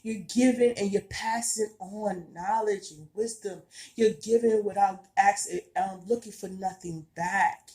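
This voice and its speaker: A woman's voice: medium pitch, a little slow, a little mellow. A woman giving a heartfelt spiritual monologue to her viewers, earnest and emphatic, repeating herself in casual everyday speech. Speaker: spiritual vlogger.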